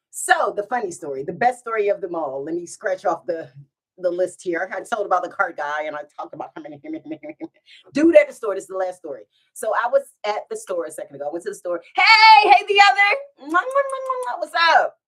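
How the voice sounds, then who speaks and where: A woman telling funny stories to her live viewers in a casual storytime, giggling and breaking into laughter as she goes. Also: medium pitch. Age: adult with children. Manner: giggly, animated, bursts into laughter.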